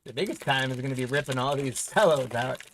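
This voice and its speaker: A man's voice: medium pitch, quick pace, a bit bright, slight background noise, poor audio. A man hosting a live card-breaking stream, casually reading off names and teams and chatting with viewers while tearing into packs, with hiccups. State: has the hiccups.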